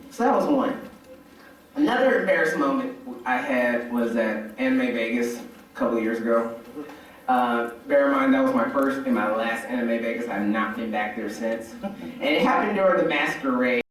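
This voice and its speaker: A man doing stand-up comedy, telling animated stories and shouting profane impressions of a friend. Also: medium pitch, fairly quick. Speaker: stand-up comic. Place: hotel convention ballroom. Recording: echoey hotel ballroom from far off.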